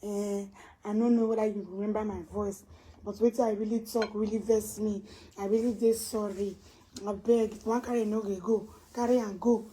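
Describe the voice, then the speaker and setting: A woman vlogger with a Nigerian Pidgin accent, ranting on camera and swinging from low muttering to loud, high scolding. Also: level tone, normal speed, a little hiss or hum. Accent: Nigerian Pidgin English. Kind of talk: casual ranting vlog.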